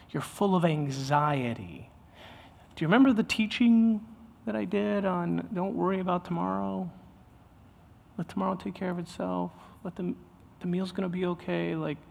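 A man's voice: high-pitched, creaky. Chatty man preaching in a hall. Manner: conversational, self-interrupting, with many restarts. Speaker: pastor. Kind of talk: sermon.

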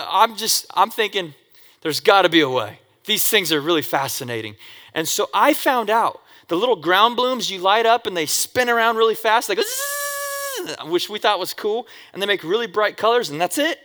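A man from Oregon telling childhood stories in an animated way, with sound effects and acted quotes. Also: sits high. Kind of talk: animated personal storytelling. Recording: long echoey hall reverb.

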